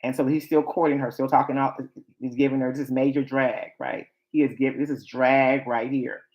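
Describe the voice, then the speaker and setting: A man's voice: mid-range voice, flat delivery, a little fast, a little mellow, muffled recording. A man giving a sermon, reading scripture aloud and breaking off into casual asides that explain it. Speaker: preacher.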